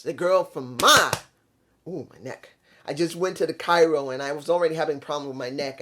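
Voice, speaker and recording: Wrestling reviewer, casual rant, frustrated, rambling, keeps asking why, swears, mid-pitched voice. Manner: frustrated, repeats rhetorical questions, swears; rambling, corrects own slips.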